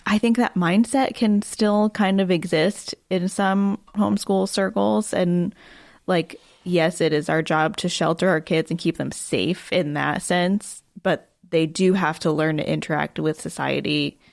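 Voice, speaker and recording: Low creaky-voiced woman guest. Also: steady tone, unhurried, no room sound. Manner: chatty, storytelling with many fillers. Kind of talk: casual conversation.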